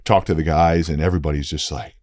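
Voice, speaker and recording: A man's voice: a bass voice, fairly even intonation, fast, darkish tone, no echo, studio quality. A former football player in his forties, a guest telling a candid story in an earnest, emphatic way, often adding "right?".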